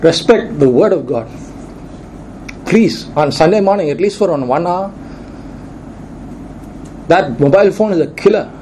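A man delivers a sermon from the pulpit of a church, his voice sitting a little higher than most men's. He drives his points home with emphatic repetition. A faint hiss runs underneath the recording. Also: animated, a little slow, pauses often, dark tone, low-quality recording. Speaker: pastor.

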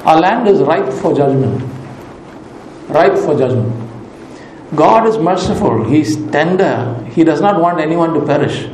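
Mellow man preaching in a roomy hall. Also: on the high side, animated, a little slow, a little hiss or hum. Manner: emphatic, repeats key phrases for weight. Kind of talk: sermon.

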